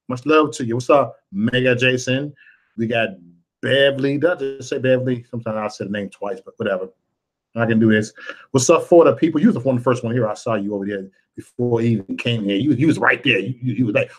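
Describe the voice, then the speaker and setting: A man's voice: medium pitch, moderate pace. A man hosting a casual livestream, rambling loosely, greeting viewers one by one and cursing freely. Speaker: livestream host.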